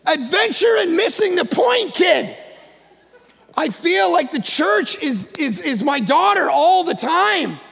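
A male guest pastor preaching a sermon in a church, emphatic and often shouting. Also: very high-pitched, very animated, takes it slowly, gravelly. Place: church sanctuary. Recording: long echo of a large church hall.

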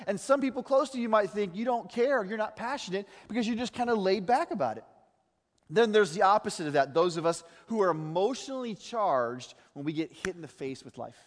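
A middle-aged man preaches from the pulpit, his voice sitting a little high for a man. He tells stories with animated energy and slips into quick impressions of other people. The long reverb of a church hall trails after his words. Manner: animated storytelling, mimicking voices. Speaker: pastor. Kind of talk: sermon.

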